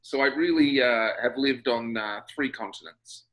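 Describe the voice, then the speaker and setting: A man's voice: medium pitch, moderate pace, fairly bright tone, poor audio. A man in his fifties with an Australian accent, chatting as a guest over a video call in a reflective, rambling way with dry humor. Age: 50s. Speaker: guest, singer-songwriter. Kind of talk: casual interview chat.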